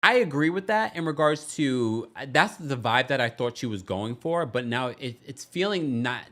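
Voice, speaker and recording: A man hosting a casual live-stream recap of a reality show, chatty and playful, reading viewer comments and doing quick quoted voices. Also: medium pitch, animated, a bit bright.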